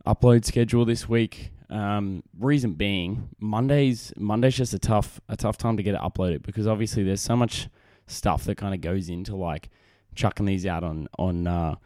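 Laid-back Australian dad on a podcast. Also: male voice, fairly low pitch, normal speed, few pauses, mellow, dry recording, studio quality. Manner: rambling, self-deprecating, frequent restarts and fillers. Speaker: podcast host. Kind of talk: casual solo podcast chat. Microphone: desk microphone on camera.

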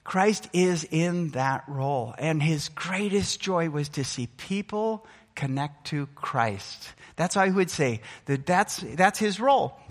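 A man's voice: fairly high pitch, animated, slow pace. A middle-aged man preaching a sermon as pastor, earnest and emphatic, his delivery rising and falling. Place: church sanctuary. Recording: long hall reverb.

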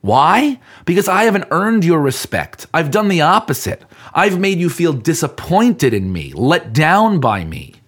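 A man's voice: on the high side, very animated, measured pace, fairly bright tone, breathy edge. A man hosting a podcast, talking earnestly to the listener in a coaching manner about keeping commitments. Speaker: podcast host. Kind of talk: motivational podcast talk.

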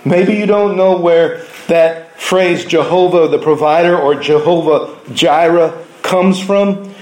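A man preaching a sermon, telling stories from his week in an earnest way, now softly, now with force. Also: on the high side, echoey room, poor audio. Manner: earnest storytelling preaching, shifting between soft and raised delivery.

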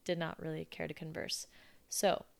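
Woman in her twenties, low gravelly voice. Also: flat delivery, moderate pace. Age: 20s. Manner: chatty and sarcastic. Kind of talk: casual storytelling.

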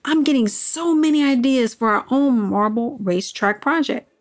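A woman voicing an excited young schoolboy. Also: high-pitched, normal speed, voice pushed up. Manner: excited, takes charge.

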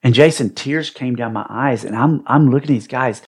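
A man's voice: mid-range voice, fairly quick, breathy edge. A middle-aged man telling an emotional personal story as a podcast guest, acting out what people said with dramatic swings. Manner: animated, dramatic re-enacting of quotes.

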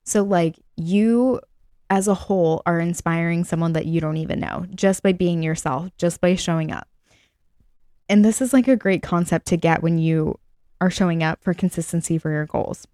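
A young woman talks straight to her listeners in a casual, chatty run of motivational advice, leaning on "like" and "you guys" as she goes. Her voice sits a little low for a woman. The sound is dry and close, with no room around it. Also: dark tone, dry recording. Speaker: podcast host.

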